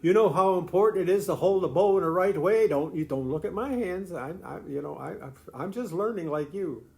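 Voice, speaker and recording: A man's voice: sits high, lively intonation, a little fast, vocal fry, darkish tone. An older grandfather explaining the fiddle to a grandchild in a folksy, rambling way, full of restarts and chuckles. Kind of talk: casual home video lesson.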